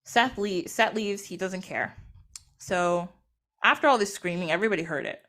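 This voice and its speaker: A woman's voice: lowish voice, normal speed, fairly bright tone. Chatty woman telling a story. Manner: chatty, retells events through quoted dialogue. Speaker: podcast host or guest. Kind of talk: casual storytelling.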